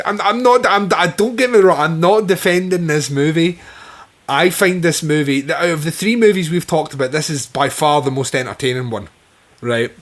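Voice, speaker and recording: A man co-hosting a casual film podcast, with a voice pitched a little higher than most men. He talks with eager enthusiasm and peppers his chat with swearing. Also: a bit bright. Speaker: podcast co-host.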